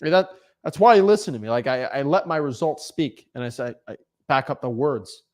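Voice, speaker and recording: A young man giving casual motivational advice as a real estate coach, animated, often repeating and restarting words. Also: mid-range voice, moderate pace. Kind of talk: casual motivational vlog talk.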